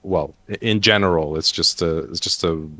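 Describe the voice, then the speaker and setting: A man's voice: deep voice, normal speed, pushed and bright. A man chatting casually on an online roundtable, hesitating often with fillers and restarts. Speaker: roundtable panelist.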